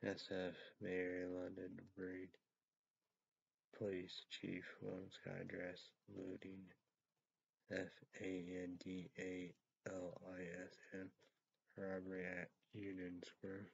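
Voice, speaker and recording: A man hosting a rambling solo talk show, reading out names and words one by one in a halting way. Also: sits low, completely flat delivery, gravelly, husky. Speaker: host. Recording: dull lo-fi recording.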